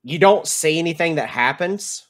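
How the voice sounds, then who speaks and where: A man's voice: a little high, moderate pace. Man running a tabletop game. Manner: relaxed, explains rules with fillers. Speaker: game master.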